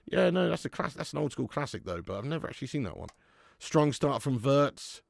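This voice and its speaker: Chatty laughing man, lively pitch. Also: fairly quick, vocal fry, no room sound. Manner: chatty and laughing, swears freely, calls viewers mate. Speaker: football watch-along host. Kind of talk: live casual chat reading viewer comments.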